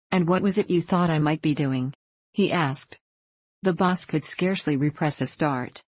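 A woman narrating an audiobook in a calm, measured reading voice. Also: sits low, breathy edge, no echo.

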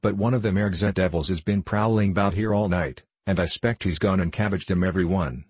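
A man's voice: low-pitched, a little fast, a little mellow, husky, no room sound. A man voicing a cocky twelve-year-old printer's boy who talks in a drawling country dialect. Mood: sly, earnest.

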